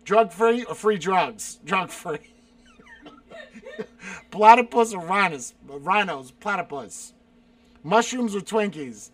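A man's voice: high-pitched, expressive, measured pace, a bit bright, no echo. A man reading viewer questions aloud and firing back blunt, profane one-word answers in a casual stream chat. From South Carolina. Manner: reads questions aloud and answers bluntly, swearing, exasperated outbursts.

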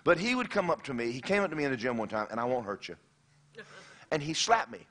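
A man preaching a sermon, telling a personal story in an animated way with frequent restarts and direct questions to the audience. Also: mid-range voice, fast talker. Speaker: pastor.

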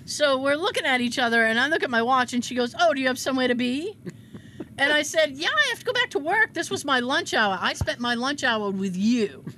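A woman telling a funny story in casual chat, acting out the people in it with lively voices and frequent laughter. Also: sits high, brisk, a little hiss or hum. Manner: animated, acts out quotes in shifting voices, laughs often. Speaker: podcast co-host telling a story.

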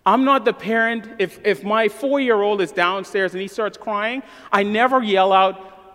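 A man in his thirties preaching a sermon as a pastor, earnest and emphatic, falling to a soft voice in prayer. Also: high-pitched, animated, a little slow. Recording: long hall reverb.

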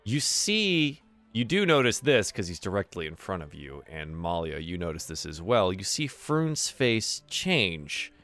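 A man narrating a tabletop role-playing game as game master, in a relaxed, chatty manner full of fillers. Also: low voice, a little slow, soft background music.

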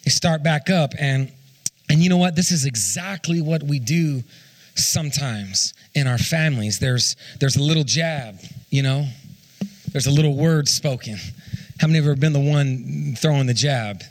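A man's voice: fairly high pitch, moderate pace. A man in his thirties preaching a sermon as a pastor, often stumbling over and repeating his words and putting questions to the congregation.

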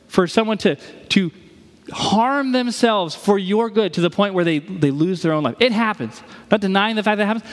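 A man's voice: high-pitched, in a large hall. A man preaching a sermon in a conversational way, posing rhetorical questions to his listeners. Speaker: pastor.

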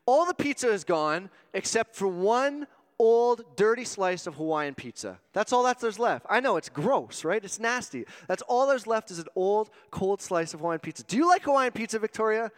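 A man preaching a sermon as a youth pastor, animated and joking, swinging between loud exclamations and hushed asides. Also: sits high, normal speed, clean tone. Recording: long reverb of a hall.

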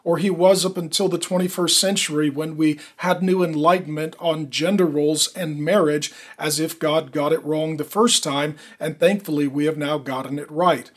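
Man, middle-aged, pastor, sermon, emphatic delivery, slightly high pitch. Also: fairly even intonation, normal speed, few pauses. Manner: emphatic preaching with rising punches on key words.

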